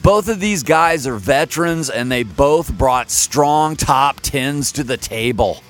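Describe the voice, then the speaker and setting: A man hosting a comedy show, announcing results in a deadpan, mock-serious way. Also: medium pitch, slow, faint music behind. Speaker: podcast host.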